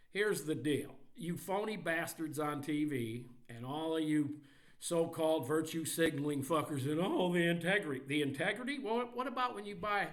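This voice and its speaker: A man's voice: fairly high pitch, a bit bright. A man hosting a podcast, ranting angrily and mockingly about sports with heavy profanity. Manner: angry, mocking, heavily profane. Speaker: podcast host.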